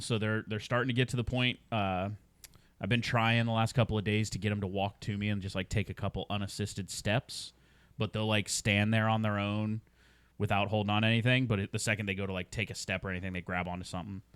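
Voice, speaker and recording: A man's voice: on the low side, fairly even intonation, fairly quick, a bit bright, clear, resonant tone, no echo. A young man co-hosting a podcast in laid-back casual chat. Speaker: podcast co-host.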